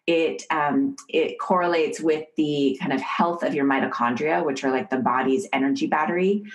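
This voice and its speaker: A middle-aged woman from the United States, an author and professor, explaining ideas calmly as a podcast guest. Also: sits low, low-quality recording. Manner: calm, measured teaching. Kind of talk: podcast interview, storytelling.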